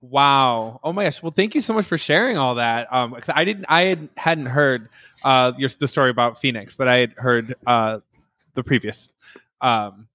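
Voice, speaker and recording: A man hosting an interview podcast, laughing often and reacting with quick, warm backchannels. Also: medium pitch, no room sound. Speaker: podcast host. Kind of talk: casual interview chat.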